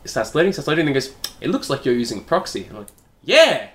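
A man's voice: medium pitch, animated, very fast. A man co-hosting a casual comedy podcast, telling a rambling story with frequent laughs and swearing. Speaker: podcast co-host.

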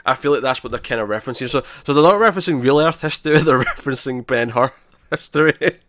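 A man, co-hosting a podcast in casual chat, retelling scenes in an animated way with many restarts. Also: medium pitch, quick pace, dry recording, clean studio sound. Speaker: podcast co-host.

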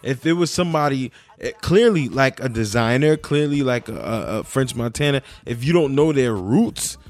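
A man's voice: mid-range voice, animated, normal speed. Insistent Bronx man making his point. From the Bronx, New York. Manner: insistent, repeats short phrases. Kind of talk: heated casual debate.

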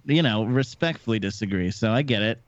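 A man's voice: on the low side, expressive, fairly quick, no echo. A young man, a podcast guest, chatting in a laid-back way with lots of filler words. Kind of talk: casual chat. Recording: slightly muffled podcast audio.

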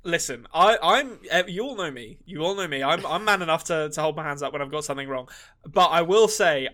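Give me a joking English co-host in his thirties with a slightly high, bright voice. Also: brisk. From England. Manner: joking, animated, swears. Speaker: podcast co-host. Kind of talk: casual podcast chat.

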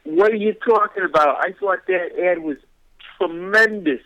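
A man's voice: high voice, normal speed, bright, forceful tone, no room sound, low-quality recording. A man playing a brash, shameless cineplex owner with a New York accent. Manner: brash, pushy, self-assured.

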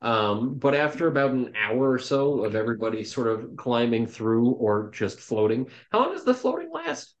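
A man running a tabletop game as dungeon master, narrating in a loose, relaxed way full of ums and restarts. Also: medium pitch, moderate pace, few pauses. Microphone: home microphone on an online call.

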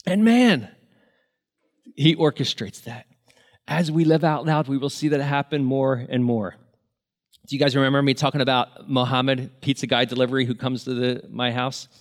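A man's voice: mid-range voice, normal speed. A man preaching a sermon, telling stories in an earnest, emotional way. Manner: earnest, emotional, tearful at moments. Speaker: pastor. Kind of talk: sermon storytelling.

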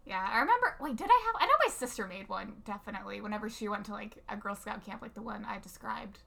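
A woman's voice: medium pitch, animated, quick pace, gravelly, pushed and bright. A young woman co-hosting a podcast who jokes and giggles while casually recapping a movie, saying "like" often. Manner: giggly, joking, heavy use of filler "like". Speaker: podcast co-host.

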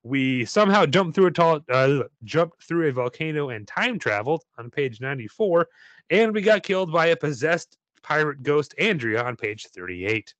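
A man's voice: a little high, expressive, normal speed, fairly bright tone, no room sound, dull audio. A man reading a choose-your-path story aloud in a playful way, breaking off now and then with joking asides. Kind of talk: playful read-aloud narration.

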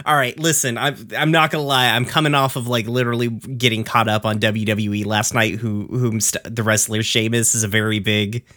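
A man's voice: lowish voice, flat delivery, fairly quick, few pauses, bright, forceful tone. Man, Southern US accent, podcast host, casual chat, rambling, swears a lot. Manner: loose, swearing, laughing, rambling.

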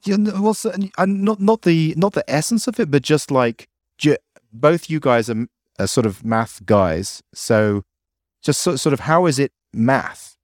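A man's voice: on the high side, animated, a little slow, darkish tone, no room sound, studio quality. A man co-hosting a podcast in casual chat, musing hesitantly and searching for his words. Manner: hesitant, musing, with many fillers. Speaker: podcast co-host.

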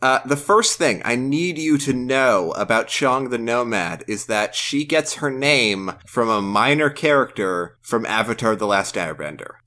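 Male podcast host, bright forceful tone, rambling casual chat. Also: medium pitch, lively intonation. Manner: rambling, quick restarts, laughs easily.

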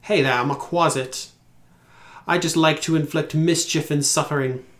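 A man voicing a tiny, mischievous male demon with a theatrical delivery that drops deeper as it gets dramatic. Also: fairly even intonation, normal speed, fairly bright tone, lightly acted. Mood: gleeful boasting.

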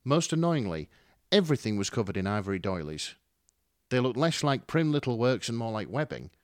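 Man giving a lively story reading. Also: mid-range voice, brisk, no echo, studio quality. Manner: dramatic, wry narration. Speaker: story reader. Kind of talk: expressive fan fiction reading.

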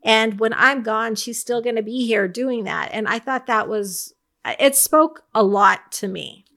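A woman's voice: on the high side, a little slow, fairly bright tone. A woman co-hosting a podcast, reflectively retelling book scenes in casual book club chat. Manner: reflective storyteller, retells scenes with quoted thoughts. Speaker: podcast co-host.

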